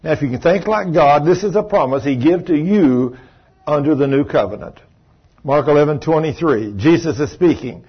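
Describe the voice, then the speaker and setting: A man's voice: a little high, expressive, normal speed, breathy edge, lo-fi sound. A man preaching a folksy televised sermon, acting out the voices of people he quotes.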